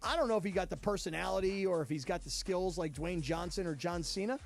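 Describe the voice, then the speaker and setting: A laid-back man chatting on a sports radio show and ribbing his colleagues. His voice sits high for a man. Faint music plays underneath. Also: fast talker, gravelly. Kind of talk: casual studio banter.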